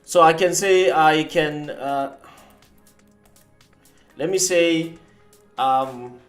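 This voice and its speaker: A man talks casually on a live trading stream, boastful and teasing his rivals. His voice sits fairly high for a man. The room is echoey, with faint music underneath. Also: extremely slow, long pauses. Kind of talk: live-stream talk demonstrating software.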